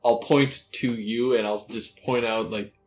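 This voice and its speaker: A man's voice: mid-range voice, fairly even intonation, a little slow, faint music behind. Casual male player at the table. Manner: casual, describes his character's actions. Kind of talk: casual game chat.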